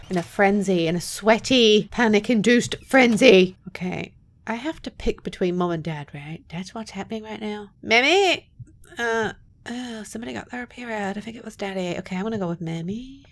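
A woman giving foul-mouthed, joking commentary while playing a horror game. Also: mid-range voice. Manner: profane, jumpy and joking. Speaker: let's play gamer.

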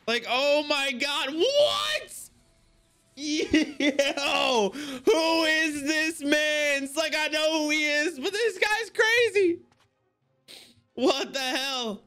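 Excitable man reacting to anime, very high bright voice, lively swings, frequent swearing. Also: slow, soft background music. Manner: excitable, swearing, exclaiming at the screen. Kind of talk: casual reaction commentary.

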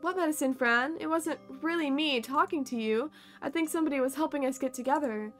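A woman voicing a gentle, tired male pet cat who talks softly and tenderly. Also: sits high, a little fast.

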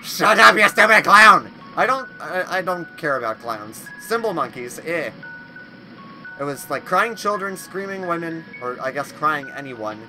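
A man hosting a let's play horror game video, talking to the game and yelling at its monsters. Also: fairly high pitch, normal speed, music in the background, poor audio. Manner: loud, excitable, yelling insults at game monsters. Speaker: gaming video host.

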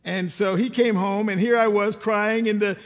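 An older man preaching a sermon, telling personal stories in a relaxed, conversational way with wry humor. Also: high-pitched, moderate pace. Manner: conversational storytelling with self-deprecating humor. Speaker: pastor. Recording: long hall reverb.

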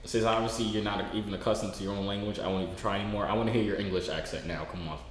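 A man's voice: fairly low pitch, steady tone, racing. A young American man chatting and teasing on a live video app, playful and mock-serious. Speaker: vlogger, livestream app host. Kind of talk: casual joking chat on a live video app. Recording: very echoey room with faint background noise.

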